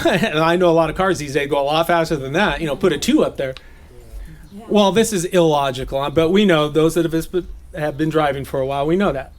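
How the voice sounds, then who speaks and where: A man raised in Southern California giving an informal, conversational Bible teaching, laughing at his own jokes. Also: a little high.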